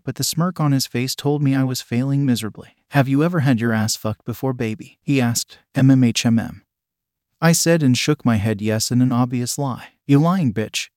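A man narrating a first-person adult story in a steady, intimate reading. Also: mid-range voice, dry recording, clean studio sound.

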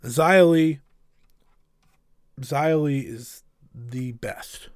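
A man with a slightly raised voice recaps a wrestling show in a loose, excitable way, full of opinions and the odd filler. The sound is close and dry, with no room around it. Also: fairly high pitch, very slow, no room sound. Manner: enthusiastic, opinionated, rambling with fillers. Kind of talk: casual recap commentary.

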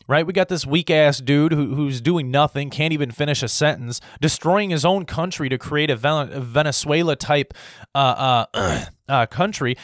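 A man's voice: a little high, normal speed, no room sound, clean studio sound. A man delivering a blunt, combative opinion rant, repeating himself and swearing as he goes. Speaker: political commentator. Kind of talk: ranting opinion monologue.

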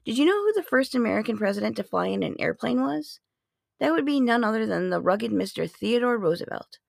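A woman's voice: on the high side, big pitch swings, a little fast, vocal fry, a little mellow, no echo, studio quality. A woman in her forties hosting a podcast, sharing history facts in a playful, chatty way with sarcastic asides. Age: 40s. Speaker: podcast host. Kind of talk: casual fact-sharing monologue.

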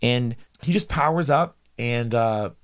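A man in his usual middle register, talking through an anime episode with a podcast crew. He swears freely and jumps into silly asides, laughing at his own jokes. It's loose, animated hangout talk. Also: medium pitch, unhurried. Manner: profane, animated recapping with jokey asides. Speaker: podcast co-host. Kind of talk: casual chat recapping an anime episode.

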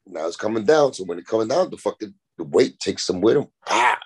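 A man's voice: lowish voice, brisk, breathy edge. A man, a rapper and podcast guest, telling rambling, profane stories in a casual chat. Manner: rambling, profane, animated anecdotes.

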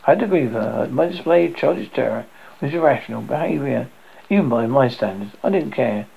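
A man's voice: medium pitch, animated, brisk, vocal fry, slightly rough, highs cut off. A man narrating his memoir aloud in a wry, self-mocking way. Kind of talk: memoir reading.

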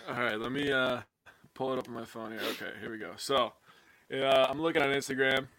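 A young man co-hosting a casual sports podcast, excitable and jokey, swearing casually as he talks. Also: mid-range voice, a little fast, creaky, no room sound. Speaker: podcast co-host.

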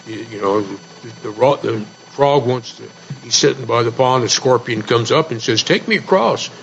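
A man's voice: mid-range voice, fairly even intonation, normal speed, vocal fry. A man on a radio talk show panel, telling old fables in a folksy way and reading aloud from a historical journal. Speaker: co-host and regular panelist. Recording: dull lo-fi radio broadcast with light noise.

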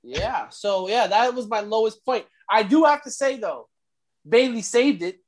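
A woman co-hosting a wrestling podcast, leading segments in an upbeat, casual way. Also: on the high side. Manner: upbeat, leads segments, quick agreements. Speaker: podcast co-host.

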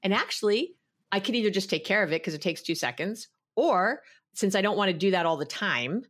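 A woman giving relationship advice in an emphatic, animated way during a casual podcast chat. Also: medium pitch, brisk. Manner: emphatic, animated, repeats herself. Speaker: guest advice giver.

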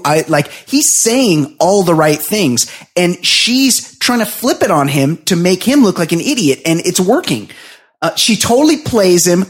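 A man's voice: sits high, husky. A man co-hosting a podcast in casual chat, heated and sweary, often chiming in to agree. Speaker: podcast co-host.

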